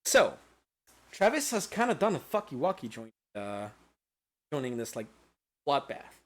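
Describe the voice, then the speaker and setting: A man's voice: mid-range voice, wildly swooping pitch, measured pace. A man hosting a comedic lecture that recaps a video game, talking in a crude, profane and playful way and laughing often. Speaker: host.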